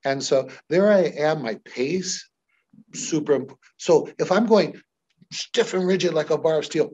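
Husky man teaching hypnosis, lo-fi sound. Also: a little high, measured pace. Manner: animated, shifts voice dramatically for demos. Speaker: hypnosis trainer. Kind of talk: teaching demonstration with voice examples.

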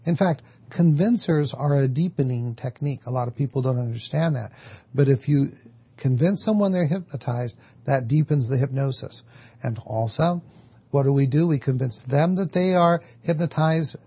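A man's voice: mid-range voice, moderate pace, dark tone, slightly rough, dull audio. A man teaching a lecture on hypnotherapy, explaining step by step and answering his own questions. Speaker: hypnotherapy instructor.

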